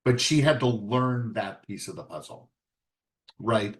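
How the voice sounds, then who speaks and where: A man presenting a writing workshop in a relaxed lecture style, talking conversationally and acting out short scenes with quick voice changes. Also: fairly low pitch. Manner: conversational, acts out little scenes with quick voice shifts.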